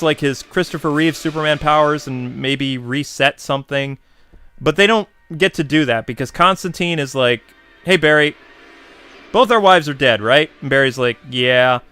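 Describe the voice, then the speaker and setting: A man's voice: fairly high pitch, pushed and bright. A man giving a casual, slangy film review that swings from laid-back to exasperated.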